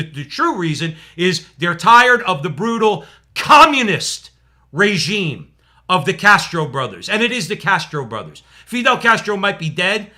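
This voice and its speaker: A man's voice: high voice, pushed and bright. A man co-hosting a political talk show, speaking emphatically and repeating words for stress. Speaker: podcast co-host. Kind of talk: political commentary.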